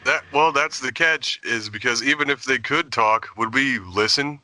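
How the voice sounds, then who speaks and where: A man's voice: mid-range voice, normal speed, pushed and bright. A man hosting a casual remote group chat, playfully posing questions. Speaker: podcast host.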